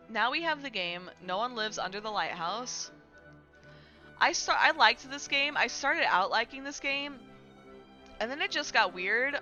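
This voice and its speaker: A woman streamer chats casually from home. She laughs often and coos at her cat between remarks. Her voice is bright and crisp, with soft music playing faintly under her. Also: fairly high pitch, muffled recording. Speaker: Twitch streamer. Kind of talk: casual live-stream chat. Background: faint music from a playlist.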